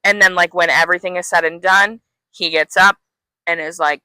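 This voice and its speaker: Bright-voiced woman retelling a story. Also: lowish voice, moderate pace, dry recording. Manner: animated storyteller, acting out characters' lines, swearing, many "like"s. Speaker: podcast co-host. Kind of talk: casual chat, retelling a book plot.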